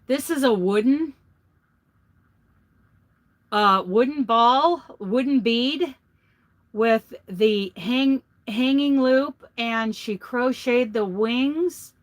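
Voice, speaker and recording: A woman hosting her crochet vlog, chatting and gushing over handmade gifts from a truck. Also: fairly high pitch. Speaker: vlog host. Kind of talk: casual chat showing crochet gifts. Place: inside a truck.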